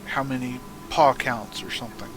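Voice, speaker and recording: A man's voice: mid-range voice, steady tone, normal speed, over music, poor audio. A man playing a tabletop game who explains his moves hesitantly, with many fillers.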